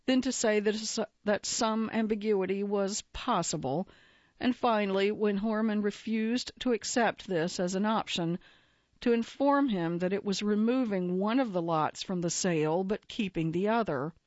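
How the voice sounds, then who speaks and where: A woman reading a magazine feature aloud as a narrator, in an even, measured way. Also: mid-range voice, no echo, highs cut off.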